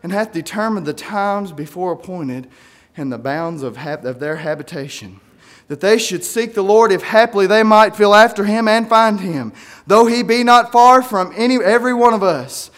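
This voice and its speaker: A man preaching a sermon, reading scripture aloud and swinging from quiet musing to shouted peaks. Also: high-pitched, moderate pace. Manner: reads scripture aloud in King James wording.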